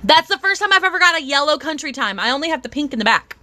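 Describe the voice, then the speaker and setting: An excitable, bubbly woman hosting a casual live stream from home, chatting to viewers and thanking them by name. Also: high-pitched, quick pace, dry recording. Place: at home with a dog.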